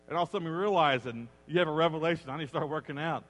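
A middle-aged man preaching a sermon as a pastor, animated and acting out the voices he quotes. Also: fairly high pitch, rapid-fire, hardly any pauses. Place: church sanctuary. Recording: long reverb of a large church hall.

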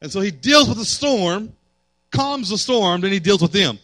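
A man's voice: high-pitched, moderate pace, a bit bright, no room sound. A man preaching a sermon as pastor, building fervor and acting out quotes.

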